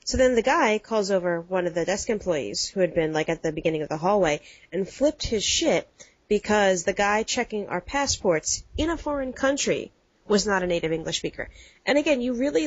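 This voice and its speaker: American woman, podcast co-host, chatty storyteller, mid pitch, dry lo-fi recording. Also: animated, fairly quick, no echo. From United States. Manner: rambling storyteller, acts out quotes. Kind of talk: casual chat. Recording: dull lo-fi dry sound.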